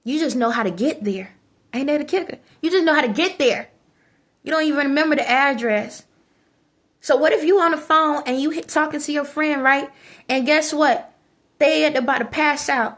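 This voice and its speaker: High-voiced woman ranting and scolding. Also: moderate pace, fairly bright tone. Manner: preachy, scolding, repeats phrases for emphasis. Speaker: vlogger. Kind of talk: ranting monologue to camera.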